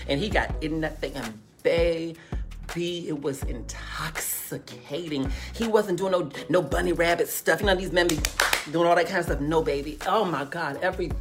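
Animated woman telling a candid story. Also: on the low side. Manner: animated and emphatic, calling listeners honey and baby; repeats phrases for emphasis. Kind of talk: casual storytime monologue.

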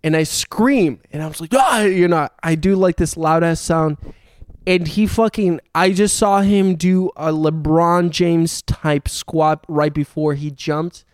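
A man's voice: a little high, steady tone, unhurried, clean tone, no echo, studio quality. A young man telling a long story in casual chat, swearing often and laughing as he goes.

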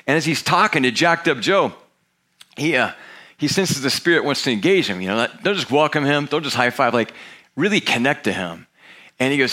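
A man's voice: mid-range voice, brisk. A middle-aged man preaching a sermon as a pastor, telling a story and acting out the voices of the people in it. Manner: storytelling, animated, acts out quoted characters. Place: church auditorium.

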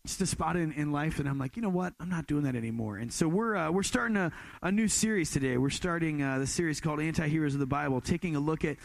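A young man preaching in a laid-back, storytelling way, stumbling and restarting often as he jokes about himself. His voice sits a little high with a gravelly fry. The sound is close and dry, with no room echo. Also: fast. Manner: casual storytelling, self-deprecating, many restarts. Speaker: pastor. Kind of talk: sermon.

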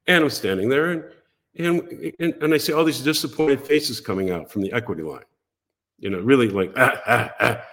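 An older man spins an anecdote for a podcast, with a widely swinging, expressive pitch. He slips into the lines of other people as he goes, a practiced storyteller on a chat show. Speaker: podcast guest. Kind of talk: animated anecdote telling.

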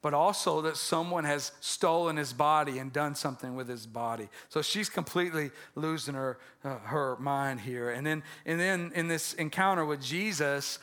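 Bright, high-voiced pastor preaching casually. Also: male voice, normal speed, few pauses. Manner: conversational and joking, with frequent restarts and repeated words. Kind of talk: sermon.

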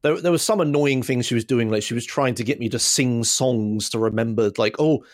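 A young man telling a rambling, animated story on a casual podcast. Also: medium pitch, brisk. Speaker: podcast host.

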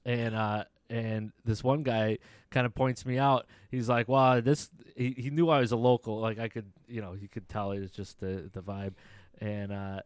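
A man's voice: lowish voice, little pitch movement, moderate pace, few pauses, clean tone, no room sound. A young man telling a long story in casual chat, rambling, laughing often and swearing casually.

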